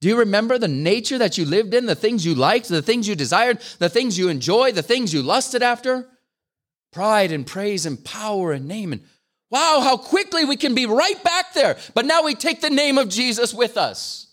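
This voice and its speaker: A man's voice: high voice, big pitch swings, normal speed, a bit bright. An older man preaching a sermon, earnest and pleading, pressing his listeners with questions that rise into fervent appeals. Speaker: guest preacher.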